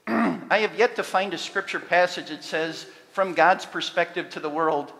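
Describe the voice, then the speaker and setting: Bright high-voiced preacher in a reverberant hall. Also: male voice, unhurried, creaky, slight background noise. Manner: animated preaching, swelling to loud emphasis. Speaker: pastor. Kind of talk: sermon.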